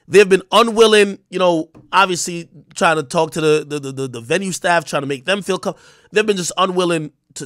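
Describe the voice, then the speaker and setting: A man's voice: a little high, fairly bright tone, dry recording, clean studio sound. A young man ranting to his livestream viewers, agitated, swearing and stumbling over restarts. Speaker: live streamer. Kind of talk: casual livestream rant.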